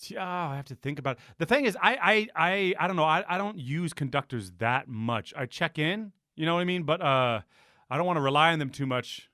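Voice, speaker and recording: A man chats on a podcast with a bright, tense edge to his voice. He swears freely and slips into quick impressions of other people. The sound is dry and close, with a slightly raised pitch. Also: animated, dry recording. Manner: profane storyteller who mimics people. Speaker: podcast co-host. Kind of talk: casual chat.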